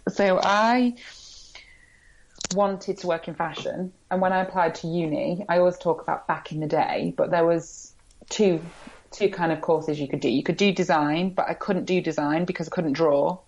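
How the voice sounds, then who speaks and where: Gravelly-voiced English woman, candid. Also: fairly low pitch, normal speed, a little mellow, dull audio. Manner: candid, frank, self-deprecating. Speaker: podcast guest, blogger. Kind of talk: casual interview chat.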